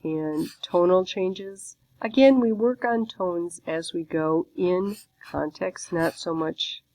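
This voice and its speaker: A woman with a fairly low voice walks learners through a beginner textbook lesson. She explains each step patiently and without hurry. The sound is dry and close, with no room echo. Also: a little mellow. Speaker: Chinese language teacher.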